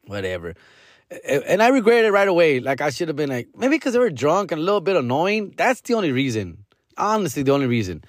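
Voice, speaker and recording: Comedian guy on his podcast, kinda high voice, bouncy, swears a lot. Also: fast talker, no echo, studio quality. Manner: animated, slangy, profane. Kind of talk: casual storytelling.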